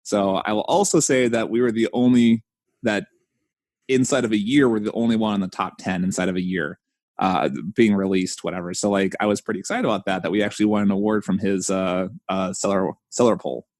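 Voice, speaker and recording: A man hosting a casual podcast chat, telling stories with animated jumps in his voice. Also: fairly quick, no room sound. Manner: animated storyteller, mimics voices with big pitch jumps. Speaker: podcast host.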